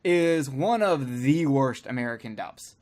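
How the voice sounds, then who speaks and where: A man's voice: medium pitch, animated, unhurried, darkish tone. A man co-hosting a podcast, rambling and joking crudely in casual banter with friends. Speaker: podcast co-host.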